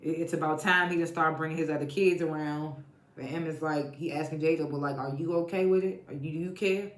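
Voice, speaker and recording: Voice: medium pitch, steady tone, brisk. A TV show reviewer giving a casual episode recap, blunt and profane, laughing often while retelling scenes. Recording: echoey room.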